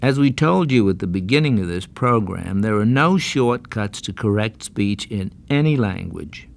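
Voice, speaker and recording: A man giving slow, carefully enunciated pronunciation lessons, patiently repeating words for drill, on a 1970s language-course record. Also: fairly low pitch, animated, gravelly. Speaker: pronunciation teacher. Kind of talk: slow, deliberate instructional narration.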